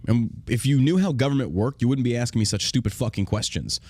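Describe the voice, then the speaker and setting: A man's voice: medium pitch, quick pace, a little mellow, no room sound. An American man hosting a podcast, talking in a casual, profane and combative way, often laughing. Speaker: podcast host.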